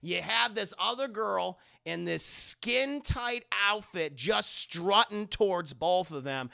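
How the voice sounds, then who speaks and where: A man giving an excitable, crude, casual scene-by-scene recap of a cartoon to his live chat. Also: sits high, slow pace, vocal fry. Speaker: streamer reviewing a cartoon.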